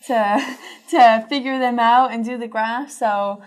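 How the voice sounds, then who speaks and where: A woman adding her own earnest account in an interview, speaking briskly. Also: a little high, fairly even intonation. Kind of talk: personal testimony.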